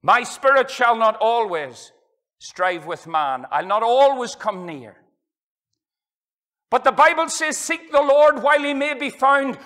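A middle-aged man with a Northern Irish accent preaching an evangelistic sermon in a church hall. His delivery is impassioned, swinging from loud to hushed as he quotes old-fashioned scripture. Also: extremely high pitch, expressive, measured pace.

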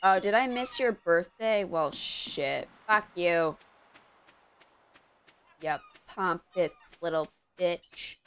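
A woman's voice: lowish voice, slow, fairly bright tone, smooth. A woman streamer in a casual gaming stream, groggy and out of it, sarcastically cursing at game characters.

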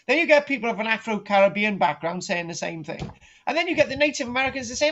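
In a comic online archaeology lecture, a man with a high, expressive, fairly bright voice rambles at a quick pace and keeps saying "right." The recording is dull and lo-fi with a little hiss or hum.

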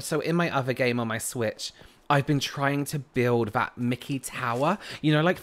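A British man casually chatting with his live-stream audience while playing a video game, laughing often and answering chat. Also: mid-range voice. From United Kingdom.

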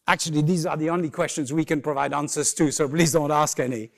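A man's voice: fairly high pitch, fairly even intonation, fast talker, gravelly. A man giving a humorous, conversational keynote talk on a conference stage, full of playful asides. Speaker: keynote speaker.

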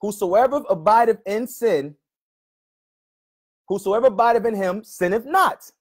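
A male preacher arguing with a commenter online, often calling him brother and reading scripture slowly and repeatedly. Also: sits high. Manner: argumentative, keeps addressing "brother", reads verses slowly and repeats them.

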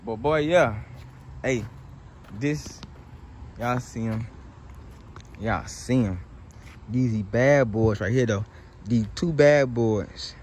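Young man, Southern US accent, slangy excited car vlog, outdoors, faint street noise. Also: medium pitch. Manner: excited, loose slangy chatter to viewers. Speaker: car vlogger. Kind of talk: casual walkaround car vlog. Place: outdoor car lot, hot day.

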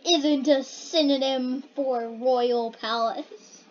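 High-pitched, slow-talking young kid. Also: expressive. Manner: bemused, giggly, reads quotes aloud then questions them. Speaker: video maker reacting to generated quotes. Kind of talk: casual reaction commentary. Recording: dull lo-fi home recording with faint hiss.

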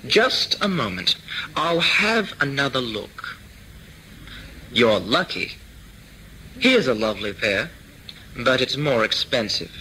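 A helpful, chatty shop assistant , read by a man. The voice is bright and slow. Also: medium pitch, big pitch swings, slight background noise, exaggerated voice, poor audio.

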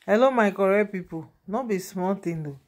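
A woman vlogger speaking Nigerian Pidgin English, chatting in a lively, gossipy way and laughing at the story. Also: mid-range voice, moderate pace. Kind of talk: casual gossip vlog.

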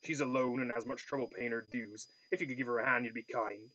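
A man's voice: medium pitch, fairly even intonation, fast talker, bright, forceful tone, lo-fi sound. A man voicing a grasping male lodging-house manager who talks bluntly and haggles over money. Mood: grumbling.

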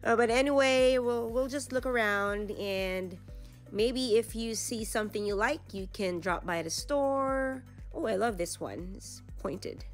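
A woman's voice: fairly high pitch, measured pace, soft background music. A woman vlogger giving casual shop-along narration inside a retail store, chatting about the items as she browses. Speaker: vlogger host.

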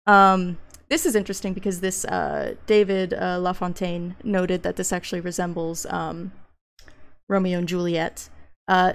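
A woman's voice: on the low side, fairly even intonation, moderate pace, creaky. A young woman giving a casual academic presentation, reading book passages aloud. She hesitates often with ums and uhs, and turns blunt and profane when she gets worked up. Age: young adult. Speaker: graduate student presenter.

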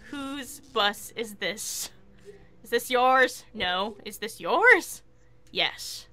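A woman chatting casually while playing a video game, excitable and quick to swear and laugh. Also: a little high. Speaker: game streamer. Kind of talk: casual gameplay commentary.

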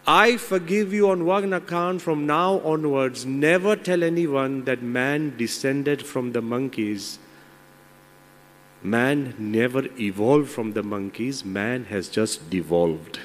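A man's voice: medium pitch, slow, a bit bright. Brief: a principled fable monkey, firm and self-righteous, put on by a male speaker, echoing in a big hall. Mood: indignant. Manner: firm, then indignant. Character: loyal monkey keeping its word. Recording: long hall reverb.

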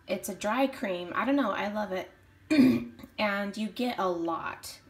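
A woman's voice: medium pitch, a little hiss or hum. Chatty woman in an echoey room. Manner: chatty, rambling, clears throat often. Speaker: vlogger. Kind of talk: casual makeup talk-through. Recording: roomy echo.

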